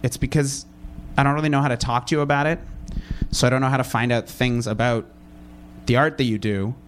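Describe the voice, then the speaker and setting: Brief: soft-spoken, hurt middle-aged mother, low and subdued, halting delivery, as a comedian puts her on. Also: fairly even intonation, a little hiss or hum, natural voice. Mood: quiet, hurt.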